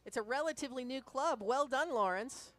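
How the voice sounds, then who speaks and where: A woman commentating a rowing race live, briskly reading out the crews, their clubs and backgrounds. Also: sits high, fairly bright tone.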